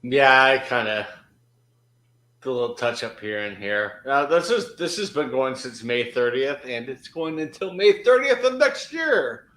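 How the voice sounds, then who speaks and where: A man hosting a casual livestream, bantering quickly and laughing often. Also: medium pitch, animated, a bit bright. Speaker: livestream host. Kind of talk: casual live chat. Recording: echoey room.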